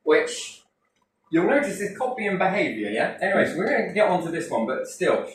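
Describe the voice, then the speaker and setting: A man hosting a casual chat, rambling and swearing now and then, often checking in with a quick "yes?". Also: sits high, sing-song. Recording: echoey room, faint noise.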